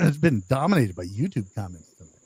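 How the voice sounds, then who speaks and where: A man's voice: medium pitch, sing-song, brisk, gravelly, darkish tone, husky, no echo. An older man hosting a casual live-stream chat, chatty and laughing, reading out viewer comments, his voice a bit worn. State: losing his voice. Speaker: podcast host.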